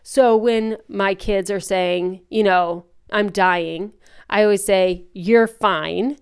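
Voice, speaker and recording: Frank chatty woman in her 40s, very smooth clear voice, talks with her hands kinda. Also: mid-range voice, slow. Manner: chatty, frank, animated storytelling. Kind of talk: casual chat.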